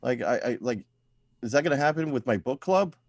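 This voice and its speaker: A man doing a deadpan stand-up set over a video call from home, trailing off into quiet, self-deprecating mumbles. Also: mid-range voice, a little fast, no room sound. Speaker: stand-up comedian at open mic.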